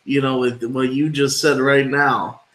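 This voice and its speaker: A man hosts an interview, talking slowly and circling through fillers and restarts before landing on his questions. His voice echoes in a roomy space. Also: mid-range voice, flat delivery, a bit bright. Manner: rambling, many fillers and restarts. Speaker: podcast host, interviewer. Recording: echoey room.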